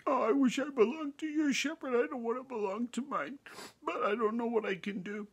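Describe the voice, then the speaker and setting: A man voicing a sad, dirty young lamb in a high, tearful, whimpering voice for a bedtime story. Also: a little fast, husky, muffled recording.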